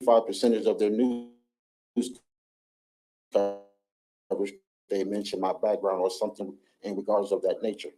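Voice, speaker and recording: A man reading his prepared statement in court, halting, with restarts. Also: fairly low pitch, little pitch movement, dark tone, low-quality recording.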